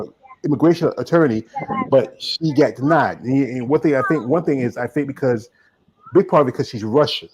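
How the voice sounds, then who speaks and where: A man's voice: mid-range voice, a little hiss or hum, low-quality recording. A man with a Southern US accent hosting a podcast in casual chat, rambling with many fillers and restarts. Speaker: podcast host.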